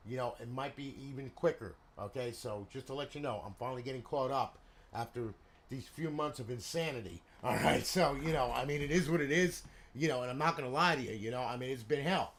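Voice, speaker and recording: A man's voice: medium pitch, a little fast, a bit bright. Chatty man with fillers, faint hiss. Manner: chatty, repeats fillers like "you know" and "okay". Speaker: console modder and seller. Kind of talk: casual product walkthrough.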